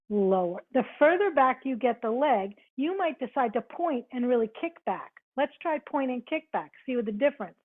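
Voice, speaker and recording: A woman yoga instructor cueing a live online class, counting reps, giving short cues and chatting with students. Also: fairly high pitch. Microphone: video call. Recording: tinny video-call audio.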